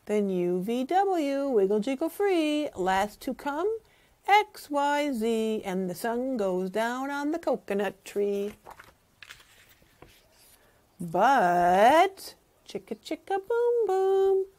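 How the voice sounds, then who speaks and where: Lively sing-song woman reading aloud. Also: on the high side, slow pace. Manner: animated, sing-song, asks the listeners questions. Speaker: teacher. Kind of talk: reading a picture book aloud to children.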